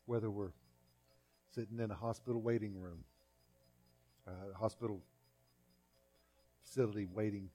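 A man's voice: on the low side, flat delivery, moderate pace, long pauses, dark tone, faint music behind. A man preaching a sermon as pastor in a folksy, conversational way, repeating phrases and acting out little scenes.

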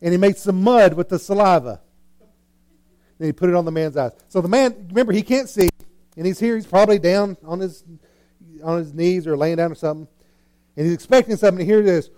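A man preaching a sermon, retelling a scripture story with lively acted-out scenes and big swings between soft and loud. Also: high voice, fairly quick. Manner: animated storytelling, acting out scenes with swings in loudness.

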